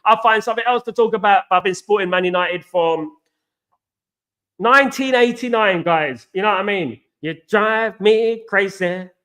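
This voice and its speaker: A man's voice: high voice, a little fast, bright, forceful tone. A man, chatting casually on a live stream as a football fan show host, repeating himself and reading out viewer comments. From East London, England. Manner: repetitive, says absolutely a lot, reads out viewer comments.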